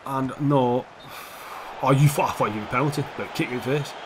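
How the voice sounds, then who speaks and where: A young man giving casual, foul-mouthed commentary over his own football video game, switching between calm play-by-play and heated rants. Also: medium pitch, brisk, slight background noise. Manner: swears a lot, swings from calm play-by-play to heated outbursts. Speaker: gaming YouTuber.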